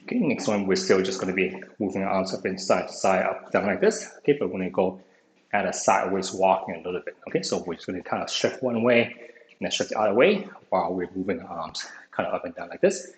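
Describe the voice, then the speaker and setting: Fast and lively in intonation, with a voice that sits low, a man leads an exercise class online, slightly short of breath. He encourages constantly and peppers everything with "okay," heard through a video call in an echoey space with a little noise.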